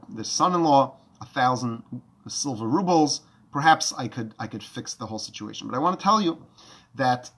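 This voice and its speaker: A man voicing a calm, wise elderly male rabbi who speaks in a measured, soft way. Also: mid-range voice, a little hiss or hum, natural voice.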